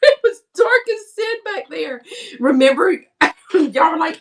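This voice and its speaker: High, lively woman telling stories. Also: moderate pace, far from the mic. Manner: animated, laughing storyteller who acts out quotes. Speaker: guest, fellow reseller. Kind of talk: casual chat, storytelling.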